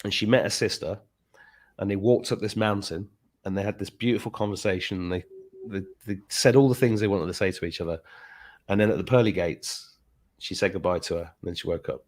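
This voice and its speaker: A man's voice: sits low, fairly quick. A man hosting a podcast, chatting casually and acting out the voices of people in his story. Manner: animated, acts out quoted voices. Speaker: podcast host.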